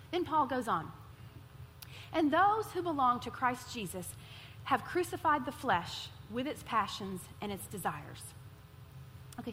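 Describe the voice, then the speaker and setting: A woman preacher giving a sermon, telling stories in an animated way and repeating words for emphasis. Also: sits high, slight background noise. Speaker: pastor. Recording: hall reverb with faint ambience.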